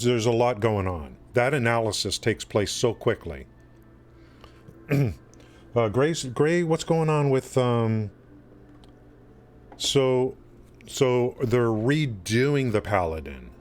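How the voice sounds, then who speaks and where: A man's voice: mid-range voice, takes it slowly. Rambling male livestream host. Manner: rambling, animated, many restarts and fillers. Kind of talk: casual chat with stream chat.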